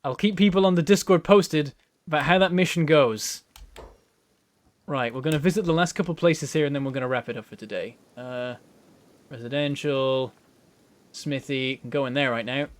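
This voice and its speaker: A man's voice: on the high side, moderate pace. A man hosting a let's play, giving rambling, self-mocking gameplay commentary and chuckling often.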